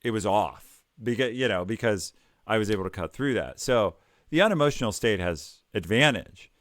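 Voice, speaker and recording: A middle-aged man from Ohio, a tech executive guest, telling stories in a calm, measured way with frequent pauses and fillers. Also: on the low side, no room sound, clean studio sound. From Ohio, United States. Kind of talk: conversational storytelling.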